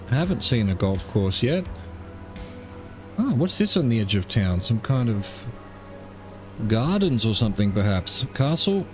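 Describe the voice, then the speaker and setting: A man streaming a flight simulator, giving casual commentary as he muses aloud with wry asides. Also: medium pitch.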